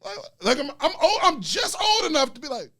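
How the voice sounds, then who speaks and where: Animated young man telling stories. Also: very high voice, brisk. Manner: animated, acts out quotes loudly. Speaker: podcast host. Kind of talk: casual storytelling chat.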